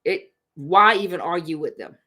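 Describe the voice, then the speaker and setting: A woman's voice: lowish voice, moderate pace, pushed and bright. A woman hosting a casual live stream, speaking in a conversational, emphatic way and repeating her points to drive them home. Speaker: live-stream host on relationships.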